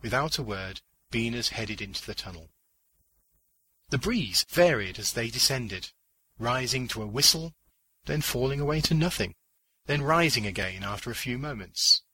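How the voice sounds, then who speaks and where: A man narrating a short story in a measured, deliberate audiobook reading on a close mic. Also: medium pitch, expressive, sharp tone, slightly rough, rough recording. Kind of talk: scripted audiobook narration of fiction.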